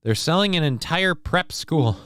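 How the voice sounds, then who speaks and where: A man hosting a livestream show, talking in a casual, rambling way with frequent swearing and halting fillers. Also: on the high side, expressive, fairly bright tone, clear, resonant tone, no room sound, studio quality.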